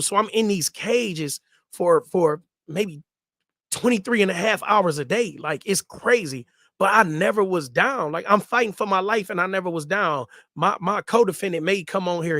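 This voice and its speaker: A man's voice: high voice, a bit bright, no echo, clean studio sound. A man in his thirties casually telling a story in loose street slang and repeating himself for emphasis.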